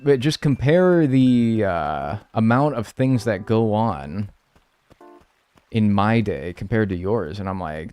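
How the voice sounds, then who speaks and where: A man's voice: fairly low pitch, slow, clear, resonant tone. A young man chatting casually and rambling on a live gameplay stream, swearing freely as he talks. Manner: animated, chatty, swears a lot.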